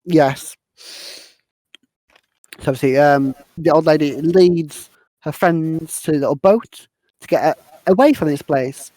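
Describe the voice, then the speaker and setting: A woman's voice: low-pitched, a little slow, pauses often, mellow, dry recording, poor audio. A woman hosting a casual podcast, rambling through a film recap and stumbling over her words. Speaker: podcast host.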